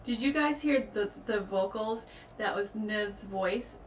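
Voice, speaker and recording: A woman's voice: medium pitch, takes it slowly. A woman reacting to a music video, explaining at length and gushing with enthusiasm. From United States. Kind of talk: casual reaction commentary. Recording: echoey room, distant mic, music behind. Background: music playing.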